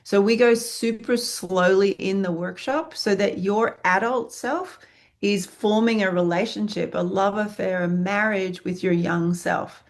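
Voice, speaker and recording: A woman's voice: medium pitch, steady tone, a little slow. A woman acting teacher answering interview questions in an earnest, frank way, speaking in long flowing lists and swearing freely.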